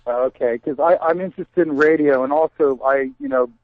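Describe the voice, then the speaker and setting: A man's voice: a little high, big pitch swings, brisk, no room sound. A man calling in to a talk show, eager and rambling with many fillers. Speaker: caller. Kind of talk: phone-in chat. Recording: dull lo-fi phone line.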